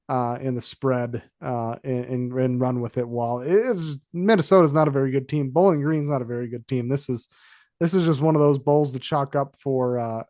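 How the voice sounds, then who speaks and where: A man's voice: medium pitch, a little mellow, no echo, clean studio sound. A man co-hosting a sports podcast, talking through picks in a rambling, casual way with fillers and self-corrections. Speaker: podcast co-host. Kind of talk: casual sports betting chat.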